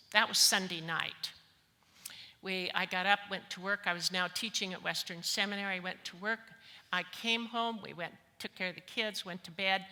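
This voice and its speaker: A woman's voice: medium pitch, bright, forceful tone. A middle-aged woman giving a candid, emotional personal testimony as a conference speaker. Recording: long hall reverb.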